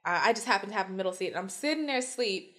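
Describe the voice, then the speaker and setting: An animated podcast co-host races through blunt travel stories in a medium-pitched voice during a casual chat. She acts out the other people in them, swears freely and laughs a lot.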